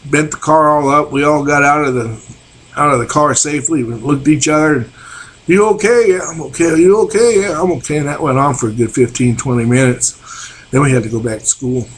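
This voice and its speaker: A man's voice: medium pitch, fairly even intonation, a little fast, a bit bright, slight background noise. An older man telling old school stories in a folksy, rambling way, chuckling now and then, on a webcam. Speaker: vlogger. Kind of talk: casual storytelling.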